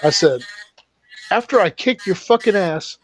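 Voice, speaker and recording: A man's voice: sits high, lively intonation, unhurried, soft background music. A man co-hosting a casual live stream chat, telling profane, rambling stories with laughter. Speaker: podcast co-host. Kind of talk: casual crude storytelling chat.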